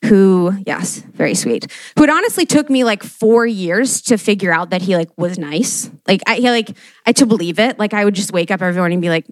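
A woman's voice: medium pitch, expressive, fairly quick, dry recording. A young adult woman doing a stand-up comedy monologue, casual and profane, peppering her talk with "like" and acting out quotes. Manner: casual, fillers of "like", frequent swearing, acts out quotes.

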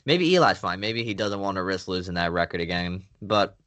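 A man's voice: low-pitched, lively intonation, brisk, a bit bright, no room sound. A young man co-hosting a casual sports podcast, laughing easily and chatting through game analysis. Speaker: podcast co-host.

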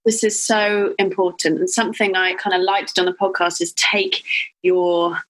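A woman hosting a podcast interview, asking eager, quick follow-up questions. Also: lowish voice, flat delivery, fairly bright tone, poor audio. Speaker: podcast host. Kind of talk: interview conversation.

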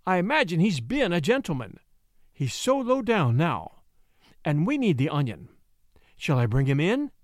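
A man's voice: on the high side, very animated, normal speed, no room sound, clean studio sound. A man voicing a blunt, slangy woman shop girl of about thirty in a storybook reading. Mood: bossy. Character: sharp-tongued 30-year-old woman shop girl.

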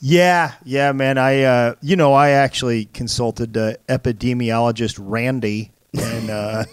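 A man's voice: mid-range voice, fairly even intonation, measured pace, smooth, no room sound. A man co-hosting a podcast, chatting casually with easygoing, dry teasing. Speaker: podcast co-host. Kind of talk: casual chat.

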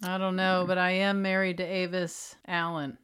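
A woman's voice: fairly low pitch, level tone, moderate pace, a bit bright, smooth. A woman co-hosting a podcast in casual chat, with dry, joking banter. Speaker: podcast co-host.

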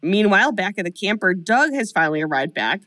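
A woman in her thirties co-hosting a comedy podcast, telling a film's story with lively asides and mock line readings. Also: mid-range voice, a little fast, no echo. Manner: animated storyteller, mimics lines in mock voices. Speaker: podcast co-host recapping a film. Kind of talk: casual comedic chat.

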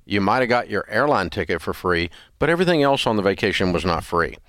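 A man's voice: fairly low pitch, expressive, fast talker, fairly bright tone, dry recording, clean studio sound. An older man hosting a radio advice show, blunt and scolding in an emphatic, repetitive way. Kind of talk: call-in advice show banter.

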